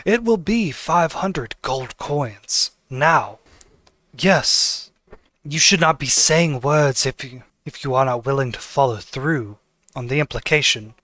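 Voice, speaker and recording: A man voicing a smooth, elegant male tailor who takes orders for murders, talking in a polite, silky and ominous way, in a tabletop game. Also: mid-range voice, expressive, takes it slowly, bright, forceful tone, no room sound. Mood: silky disdainful.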